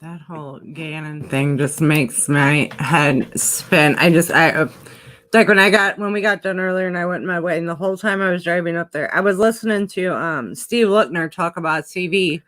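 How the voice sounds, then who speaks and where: A woman hosting a casual talk show with a bright, sharp-edged voice. She tells stories animatedly and acts out the lines people said. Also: on the low side, normal speed. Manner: animated storyteller, acts out quotes. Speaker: host. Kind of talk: casual chat.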